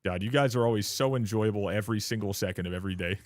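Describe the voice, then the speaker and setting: A man's voice: lowish voice, racing, no room sound. A young man from Canada chatting casually on a live stream, blunt and profane, ranting at his viewers and laughing often.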